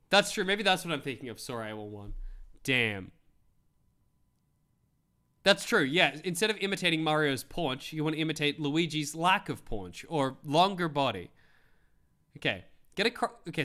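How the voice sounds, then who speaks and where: A man's voice: on the high side, sharp tone. A man streaming casual commentary, reading how-to articles aloud with wry, rambling asides and replies to his chat.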